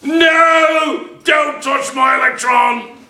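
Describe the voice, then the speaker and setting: A man voicing a stubborn chlorine atom that refuses to give up its electron, shouting in a high, whiny voice in an echoey classroom. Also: steady tone, drawn-out words, exaggerated voice. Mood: defiant.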